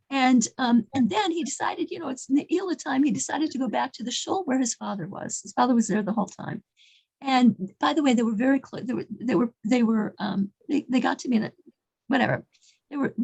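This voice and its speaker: Earnest woman with a gravelly, husky voice. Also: high-pitched, poor audio. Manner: earnest, halting, repeats words while telling a story. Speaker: religious storyteller. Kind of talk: informal faith talk with storytelling.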